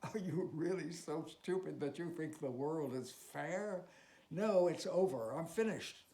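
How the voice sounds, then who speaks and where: A man voicing a proud, aging male tightrope walker who bursts out in anger and then confesses in a halting, hushed way. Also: fairly high pitch. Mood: angry. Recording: roomy echo, faint noise.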